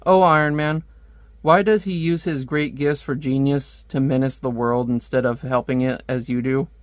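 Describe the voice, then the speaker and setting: A man's voice: medium pitch, fairly even intonation, normal speed, no echo, lightly acted. Remorseful young woman, pleading lines, read by a man in his own voice.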